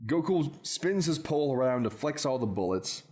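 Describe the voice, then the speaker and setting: A man with a middle-of-the-road pitch, chatting through a film recap on a podcast. His delivery is wry and relaxed, and he keeps breaking into laughter at his own lines. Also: normal speed. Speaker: podcast host.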